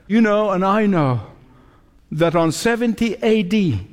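High-voiced man preaching in a reverberant hall. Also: animated. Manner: preaching, emphatic repetitions, dramatic pauses. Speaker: pastor. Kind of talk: sermon. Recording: long reverb of a large hall.

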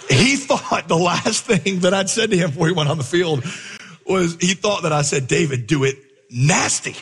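Guy preaching, tells a story and acts out the lines, slightly raspy, echo like a big church hall. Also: high-pitched, a little slow. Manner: animated storyteller, acts out dialogue. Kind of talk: sermon with storytelling. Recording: long hall reverb.

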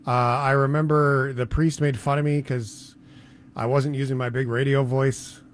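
A man's voice: mid-range voice, flat delivery, normal speed, a little hiss or hum. A man co-hosting a talk show, bantering casually with dry jokes. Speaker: radio show co-host.

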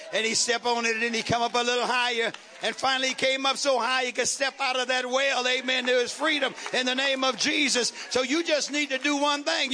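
A man's voice: extremely high pitch, pushed and bright. A man preaching a sermon as pastor, with rhythmic repetition and call-and-response questions to the congregation.

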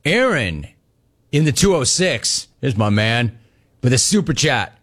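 A man's voice: medium pitch, big pitch swings, unhurried, a bit bright. A middle-aged man hosting a live call-in show, reading viewer messages aloud in a brash, jokey, teasing manner. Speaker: talk show host.

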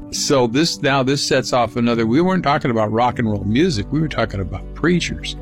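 A man's voice: mid-range voice, lively intonation, a little fast, few pauses, soft background music. An older man from California telling a casual personal anecdote in a folksy, rambling way with frequent restarts. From Palm Springs, California. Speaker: storyteller.

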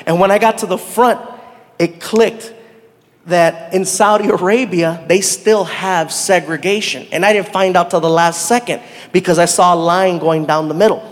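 A man doing stand-up, telling a story in an animated, laughing way and acting out voices. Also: sits high, normal speed. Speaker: stand-up comedian. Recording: echoey hall reverb.

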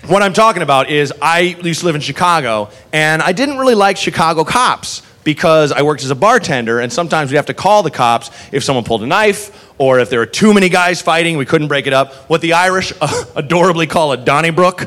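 A male comedian telling a stand-up story in an animated, wry way, with laughing asides. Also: a little high, brisk, hardly any pauses.

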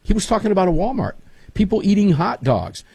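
A man's voice: sits high, a little fast, creaky, slightly rough, dry recording. A man hosting a casual talk show, telling folksy stories with lots of energy. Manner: folksy, animated storytelling. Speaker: show host.

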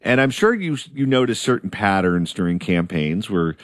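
A man leading a political discussion, speaking in a measured, pointed way. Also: fairly low pitch, sing-song, no room sound, clean studio sound.

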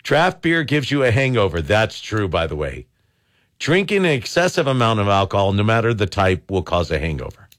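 A man's voice: on the low side, very animated, brisk, fairly bright tone. A man hosting a call-in radio show, reading jokes and beer trivia with laughing asides. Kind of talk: casual radio call-in chat.

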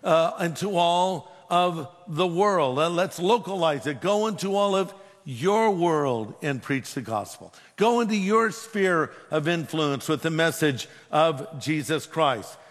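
A man's voice: fairly high pitch, expressive, takes it slowly, hardly any pauses. A man who is a pastor, preaching a sermon with emphatic delivery and humorous storytelling. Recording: long hall reverb.

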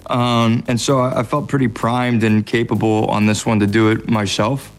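A man's voice: mid-range voice, level tone, moderate pace, soft background music. An American man, an actor being interviewed, talking in a casual, self-deprecating way. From United States. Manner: laid-back, self-deprecating, chatty. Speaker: actor guest.

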